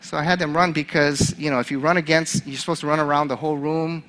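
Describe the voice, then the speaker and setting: A male chaplain preaching a sermon, an animated storyteller who laughs at his own story. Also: on the high side, fast.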